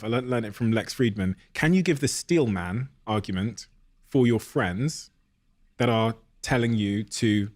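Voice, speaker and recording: A man hosting a podcast interview, curious and engaged as he frames a question for his guest. His voice sits a little low for a man. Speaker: podcast host.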